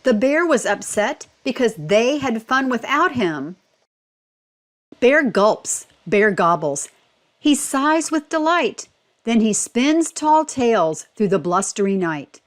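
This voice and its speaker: A woman reading a picture book aloud for children, slow and clear, stopping to ask simple questions. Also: on the high side, very animated.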